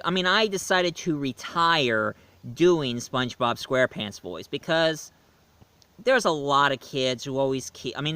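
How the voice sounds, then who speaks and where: A man's voice: fairly high pitch, sharp tone, smooth, dry recording. A man reviewing cartoons in a casual, rambling vlog talk with frequent self-corrections. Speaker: voice impressionist and reviewer.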